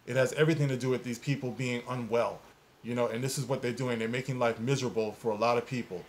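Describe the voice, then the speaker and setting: A man's voice: medium pitch, steady tone, quick pace. A man hosting a commentary video, talking in an indignant, emphatic way and rambling with fillers as he sounds off on an online controversy. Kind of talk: opinionated casual commentary.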